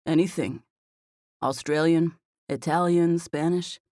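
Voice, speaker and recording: A woman voicing a playful, confident young man who jokes around in a relaxed, teasing way, in a slightly lower version of her own voice. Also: takes it slowly, no room sound, clean studio sound. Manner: teasing, relaxed, self-assured.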